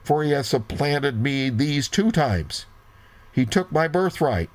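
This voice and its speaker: A man's voice: fairly high pitch, expressive, slow, voice pushed up. A man reading scripture aloud, voicing a grown son pleading with his father in a slightly raised voice. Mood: bitter.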